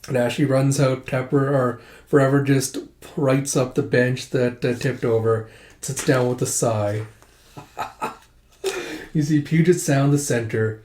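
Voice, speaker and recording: A man's voice: medium pitch, fairly even intonation, measured pace, a little mellow. A man casually narrating a comic book readthrough, swearing and describing panels. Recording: echoey room.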